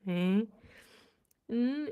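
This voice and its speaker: Her voice is fairly high and animated, but she speaks extremely slowly and smoothly, and the audio sounds narrow and tinny. This woman language vlogger reads live and chats casually, curiously sounding out unfamiliar words and laughing at her own attempts.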